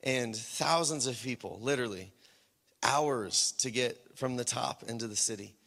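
A man preaching a sermon in church, swinging from shouting to hushed whispers. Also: mid-range voice, normal speed, creaky, long reverb tail. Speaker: pastor.

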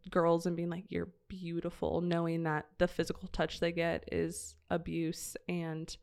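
A woman's voice: fairly low pitch, completely flat delivery, unhurried, vocal fry, a little mellow, clear, resonant tone. A woman earnestly sharing a heartfelt personal story in conversation, with many fillers and restarts. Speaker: guest sharing a mission trip story. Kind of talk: reflective personal testimony in conversation.

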